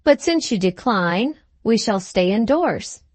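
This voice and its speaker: A cold, sneering husband from an audiobook, drawling each word slowly and cuttingly, as a woman narrator reads him. His lines sit in a middling register and sound dry and close, with no room around them. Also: medium pitch, lively intonation, a little mellow, no echo. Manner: superficial drawl, slow and cutting. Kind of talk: audiobook character reading.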